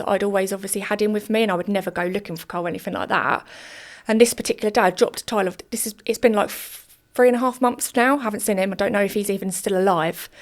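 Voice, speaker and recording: A woman, a podcast guest telling her story candidly in long run-on sentences full of fillers. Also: medium pitch.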